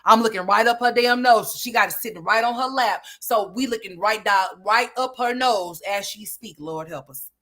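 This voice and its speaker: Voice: medium pitch, normal speed, hardly any pauses, bright, forceful tone. A commentary host reacting to clips with brash, profane, mocking talk.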